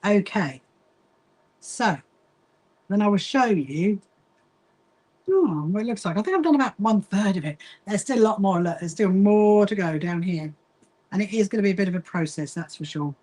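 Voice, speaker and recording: A middle-aged woman hosts a relaxed sewing livestream. She talks at an easy, even pitch, chats with viewers and laughs now and then. Her tone is friendly and informal. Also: moderate pace, long pauses, poor audio. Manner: chatty, reads viewer comments aloud, laughs often. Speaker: livestream host. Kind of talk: casual chat while sewing.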